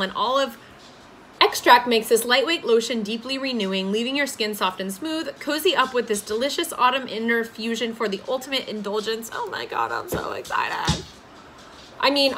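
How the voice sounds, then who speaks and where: A woman talks through a casual unboxing review at home, gushing over every product. Her voice is bright and forceful at a middling pitch. A faint noise sits under the recording. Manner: gushing, enthusiastic. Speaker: beauty vlogger and podcast host.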